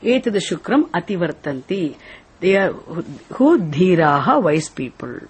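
A woman, teaching a scripture lesson slowly and deliberately, repeating phrases and asking rhetorical questions. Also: on the low side, big pitch swings.

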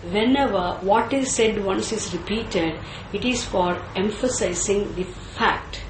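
Brief: woman lecturing on scripture, very slow and deliberate, echoey room with faint ambience. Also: mid-range voice, background noise. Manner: slow and deliberate, repeats and chants Sanskrit terms; asks and answers her own questions. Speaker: teacher of scripture.

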